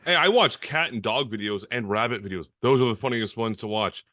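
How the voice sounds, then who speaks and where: A man in a casual podcast chat tells his stories with a voice that swings up and down, swearing freely as he goes. His voice is mid-pitched and sounds dry and close. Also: a little fast, dry recording. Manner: swears freely, lively telling.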